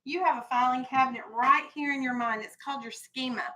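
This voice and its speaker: A woman's voice: high-pitched, steady tone, quick pace, pushed and bright, poor audio. A woman teaching a classroom vocabulary lesson, firm and explanatory, stressing key words.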